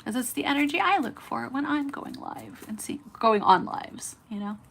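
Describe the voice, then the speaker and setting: A woman's voice: sits high, expressive, normal speed, creaky, a bit bright, slight background noise. Woman, 30s, California accent, faint Southern lilt, smiling and chatty while hosting a nail livestream. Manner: smiling, chatty, talks to live viewers by name. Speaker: nail art livestream host. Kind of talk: casual chat while doing nails.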